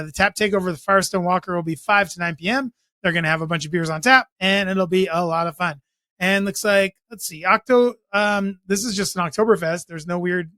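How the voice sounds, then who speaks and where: A man's voice: high voice, pushed and bright, no room sound, clean studio sound. A man hosting a podcast, running through weekend events in a rambling, chatty way with jokey asides. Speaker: podcast host. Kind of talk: casual event roundup.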